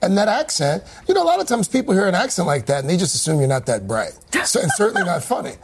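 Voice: mid-range voice, sing-song, fast, background noise. A talk show co-host interviewing a guest in a casual, emphatic way.

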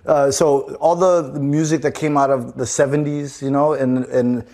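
A man from Zimbabwe answering interview questions in a relaxed, halting way, often repeating words and restarting. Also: medium pitch. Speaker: interview guest. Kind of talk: casual interview talk.

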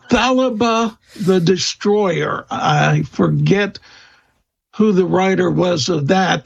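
Male interview guest, unhurried and halting, high gravelly tone, muffled recording. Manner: slow, hesitant, many fillers and restarts. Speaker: guest expert on vampire lore. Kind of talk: interview answers.

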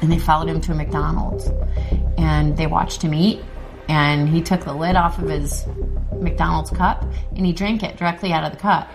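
A woman's voice: sits low, steady tone, moderate pace, music in the background. A woman police detective recounting a case in an interview, telling it in vivid detail. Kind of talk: interview recollection.

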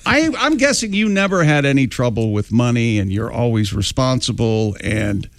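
A man's voice: medium pitch, expressive, vocal fry, no echo. Rambling man hosting a talk show. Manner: rambling storyteller, halting with many fillers. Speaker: radio show host. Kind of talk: casual morning show banter.

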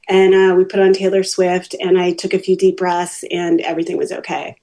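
Middle-aged woman, parenting coach, lively storyteller, plays out dialogue. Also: lowish voice, fairly quick, few pauses. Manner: animated storyteller, acts out quotes. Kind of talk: casual interview chat.

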